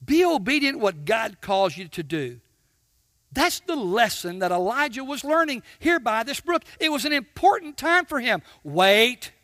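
A man preaching a sermon, swinging from shouts to hushed tones and acting out little dialogues with God. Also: extremely high pitch, big pitch swings, moderate pace, no echo, clean studio sound. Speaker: pastor.

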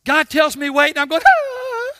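A man preaching a sermon, swinging from shouts to hushed tones and acting out little dialogues with God. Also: very high voice, animated, takes it slowly, very noisy. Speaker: pastor.

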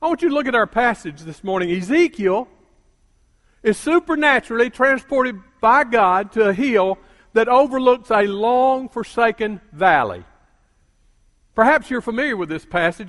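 An older man preaching a sermon as a pastor, calling out to the congregation and building to emphatic shouts. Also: very high voice, expressive, normal speed. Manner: call-and-response preaching, rising to emphatic shouts. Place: church sanctuary. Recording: long reverb of a church hall.

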